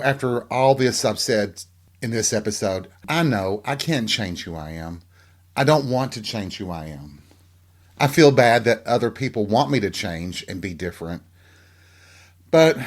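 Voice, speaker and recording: A middle-aged man hosting a solo podcast, talking frankly and reflectively in a rambling way and often asking listeners rhetorical questions. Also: on the low side. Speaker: podcast host. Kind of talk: candid solo podcast monologue.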